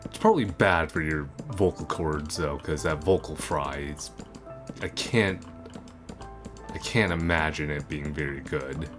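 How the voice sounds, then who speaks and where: A man's voice: extremely low pitch, a little slow. A man giving casual, rambling commentary while playing a video game, with lots of fillers and restarts. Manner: rambling, full of fillers and self-corrections. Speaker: gaming video creator. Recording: game music playing underneath.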